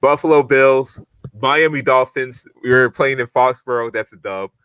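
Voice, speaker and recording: A man co-hosting a podcast in casual sports chat, quickly grading games one after another in a lively way. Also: mid-range voice, smooth, dry recording. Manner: animated, grading each game in a quick list. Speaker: podcast co-host.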